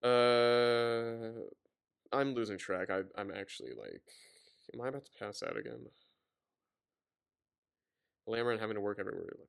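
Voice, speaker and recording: A man's voice: mid-range voice, animated, normal speed, gravelly, long pauses, smooth. A man casually reading a novel aloud and breaking off for exasperated, sarcastic commentary, stumbling and rambling as he goes. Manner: exasperated, sarcastic asides between read passages; loose, rambling, stumbles over words.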